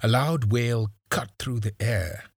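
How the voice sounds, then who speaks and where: A man reading a story aloud with measured, dramatic narration and a husky voice. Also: mid-range voice, no echo, studio quality. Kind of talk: audiobook narration.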